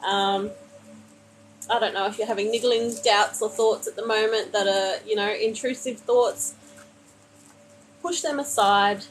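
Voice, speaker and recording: A woman reading tarot cards for viewers on a live stream, calmly reassuring them and calling them honey. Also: mid-range voice, unhurried, pauses often, soft background music, poor audio. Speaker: tarot card reader. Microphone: phone.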